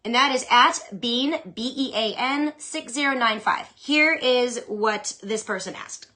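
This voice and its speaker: A young adult woman hosting a fantasy football show, chatting casually and with strong opinions as she answers listener questions. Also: on the high side. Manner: chatty, opinionated, animated, with quick asides. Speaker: fantasy football podcast host.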